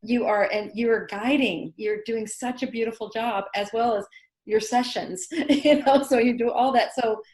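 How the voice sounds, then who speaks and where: A woman host chatting casually with a guest on a talk show. She praises the guest with warm enthusiasm. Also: on the high side, fairly even intonation, normal speed. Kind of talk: casual chat.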